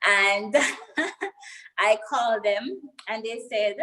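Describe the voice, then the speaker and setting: A woman's voice: medium pitch, animated, very slow, pushed and bright, rough recording. A young woman with a Jamaican accent, a guest in an interview, earnestly telling her personal story and getting emotional as she goes.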